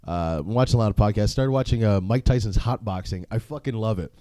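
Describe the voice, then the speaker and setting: A man's voice: fairly low pitch, quick pace, mellow, no echo. A young man hosting a solo podcast, talking casually in a profane, rambling way, with frequent laughs and filler words. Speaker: podcast host.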